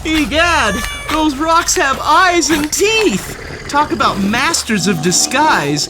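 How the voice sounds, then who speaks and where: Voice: high voice, big pitch swings, slow pace, noisy background. A storybook read-aloud host narrating a children's story with playful, theatrical flair and speaking directly to the story's cat.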